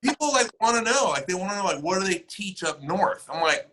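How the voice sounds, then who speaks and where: On a low-quality recording, a brisk, high-voiced man from the northern US chats casually as a podcast guest. He's both a military servicemember and an actor, and he brings his stories to life by performing the back-and-forth dialogue.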